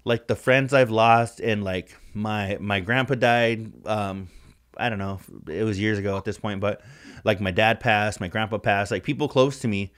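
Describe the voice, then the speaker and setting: A man's voice: fairly low pitch, fairly even intonation, normal speed, fairly bright tone, smooth. A man co-hosting a podcast in casual chat, rambling and swearing, with "like" in nearly every sentence. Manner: rambling, profane, heavy use of "like". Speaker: podcast co-host.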